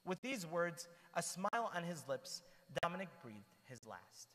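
Man, high voice, lively church storyteller, long reverb of a hall. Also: measured pace. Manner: warm, animated storytelling with asides. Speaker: church speaker. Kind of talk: storytelling talk to a youth group.

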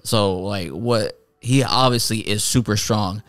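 A man's voice: fairly low pitch, unhurried, a bit bright, dry recording, soft background music. A man casually reviewing an anime episode, retelling scenes in a rambling way with many fillers and restarts. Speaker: anime reviewer, channel host.

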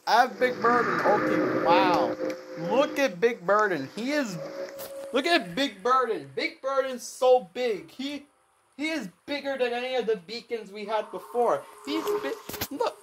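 Excitable young woman gaming. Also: fairly high pitch, unhurried, noisy background. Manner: excitable, repeats herself, lots of exclamations and restarts. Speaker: gaming video creator. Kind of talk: excited gameplay commentary.

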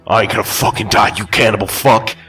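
A man voicing a burly, foul-mouthed bearded brawler who shouts and curses. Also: on the low side, fairly even intonation, fairly quick, faint music behind, voice pushed up. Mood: furious. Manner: shouting, cursing.

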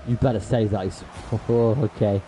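This gaming streamer has a fairly low, dark voice with fairly even intonation and a moderate pace, heard in poor audio with a little hiss or hum. He chats directly with viewers in slang, saying "bro" often, swears and rages at plays, then apologizes.

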